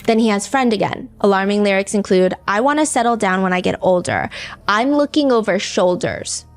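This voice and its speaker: A woman's voice: mid-range voice, animated, brisk, soft background music. A woman hosting a true-crime podcast in an easygoing, chatty way. She talks through the story casually and reads lyrics and online comments aloud as she goes. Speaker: podcast host.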